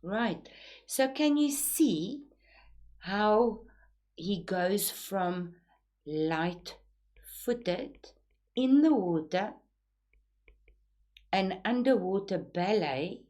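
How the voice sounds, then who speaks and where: A woman, teaching a poem, explaining it slowly and deliberately while switching between two languages. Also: medium pitch, animated, a little mellow.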